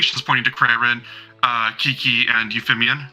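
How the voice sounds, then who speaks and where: Man, game master, tabletop game narration, very bright voice, rambling, casual. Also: medium pitch, flat delivery, moderate pace, soft background music, rough recording. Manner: rambling, filler-heavy, casual swearing.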